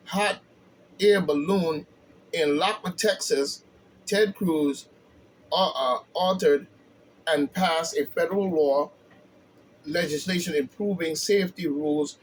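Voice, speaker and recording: A man giving blunt, heated opinion commentary, often stumbling and restarting, with a steady stream of filler phrases. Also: fairly high pitch, slight background noise, low-quality recording.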